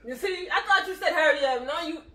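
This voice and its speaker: A woman's voice: high-pitched, fast talker, pushed and bright. A young woman with a Caribbean English accent, teasing and giggly in a casual couple vlog at home. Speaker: vlogger. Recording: roomy, mic at a distance.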